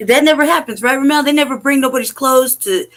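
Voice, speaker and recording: Streaming live from home on a low-quality recording, a woman whose voice is high-pitched and a bit bright tells a story for her online show. Her talk is casual, emphatic and profane, packed with quick runs of rhetorical questions.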